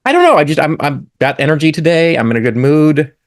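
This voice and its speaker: A man's voice: fairly high pitch, sing-song, fast, no echo, studio quality. Stammering easygoing male co-host. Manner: stammering, repeats his words. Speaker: podcast co-host. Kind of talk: casual chat.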